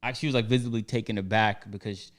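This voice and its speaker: A man's voice: on the low side, fairly even intonation, quick pace. A young man casually telling a story on a podcast, acting out both sides with slang.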